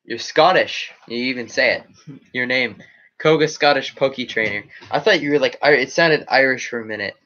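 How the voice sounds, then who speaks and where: A man's voice: medium pitch, moderate pace, bright, forceful tone, lo-fi sound. A man chatting casually on a live stream, rambling as he reacts to chat comments. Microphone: webcam setup.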